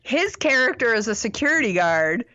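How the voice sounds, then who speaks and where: A woman's voice: a little high, big pitch swings, moderate pace, bright, forceful tone, dull audio. A woman co-hosting a podcast, talking through a movie review in a loose, rambling way with lots of fillers and self-deprecating laughs. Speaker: podcast co-host. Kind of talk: casual movie review chat.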